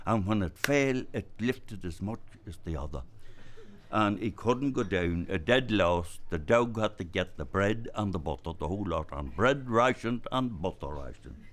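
An older man with a Donegal Irish accent telling a traditional story live. He talks in a lively way and acts out voices and gestures. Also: lowish voice. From Ireland, Inishowen area.

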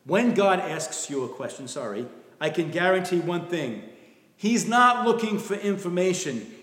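A man preaches a sermon in a church, earnest and soft-spoken, often falling to a hushed emphasis. His voice sits a little high for a man. The sound is roomy, with a long reverb trailing behind. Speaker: pastor. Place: church sanctuary. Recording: echoey room with long reverb.

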